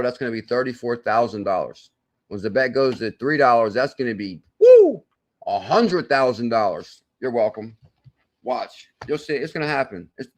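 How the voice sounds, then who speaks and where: A man of middle pitch hosting a live crypto stream. He talks in an excitable, salesy way, breaking into loud exclamations, then mutters through sums and chart checks as he reads the viewer chat. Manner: thinks aloud while doing sums and checking charts. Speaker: crypto channel host.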